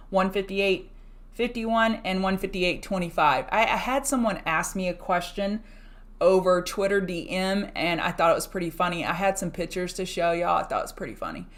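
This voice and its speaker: A woman with a Southern US country accent hosting a fast pre-market trading rundown, brisk and chatty, calling her viewers y'all. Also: mid-range voice. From rural US. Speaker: stock market show host.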